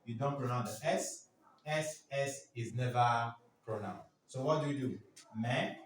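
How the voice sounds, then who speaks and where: A male teacher talks slowly and deliberately to his class, pausing to prompt them to fill in each answer. He is recorded from across a very echoey classroom, with faint noise underneath. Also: medium pitch. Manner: drills words aloud for the class to repeat. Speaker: French teacher. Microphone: far from the speaker. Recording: very echoey room, distant mic, faint noise.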